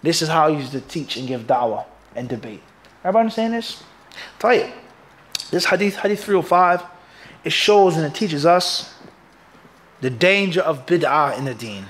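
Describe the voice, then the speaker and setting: A man teaching a hadith lesson to students, emphatic and punchy, often pausing on "what?" so the class can fill in the word. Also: fairly high pitch, expressive, fairly bright tone, a little hiss or hum. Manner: call-and-response questioning, asks "what?" for the class to fill in. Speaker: Islamic teacher.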